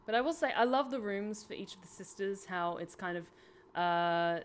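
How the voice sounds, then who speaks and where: A woman streamer giving lively live gameplay commentary, reacting and reading game text aloud. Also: medium pitch, moderate pace, slight background noise.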